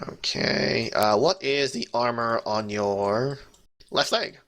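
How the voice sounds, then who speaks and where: A man's voice: medium pitch, slow, creaky, fairly bright tone. A man running a tabletop game as game master, joking and rambling with restarts.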